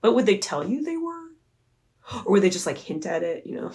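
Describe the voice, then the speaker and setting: A woman's voice: medium pitch, big pitch swings, moderate pace, pauses often, darkish tone. A young adult woman vlogger chatting in a rambling, playful, self-mocking way. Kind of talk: casual commentary chat.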